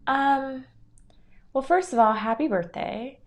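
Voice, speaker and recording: A woman's voice: on the low side, a little slow. Gushing, giggly young woman reading tarot. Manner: gushing, encouraging, filler-heavy with frequent giggles. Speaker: tarot reader streaming live. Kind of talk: casual live-stream reading.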